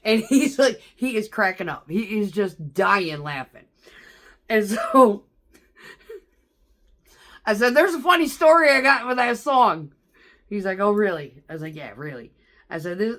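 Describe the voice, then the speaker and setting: A woman's voice: mid-range voice, animated, normal speed, long pauses, fairly bright tone. A middle-aged woman telling stories in a casual vlog, chatty and profane, laughing often. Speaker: vlogger.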